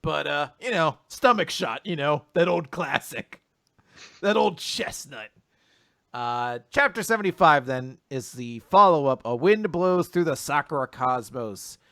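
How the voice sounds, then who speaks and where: A man co-hosting a casual manga recap podcast, animated, laughing often and acting out characters' lines. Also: on the high side, measured pace, vocal fry, no echo, studio quality. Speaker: podcast co-host.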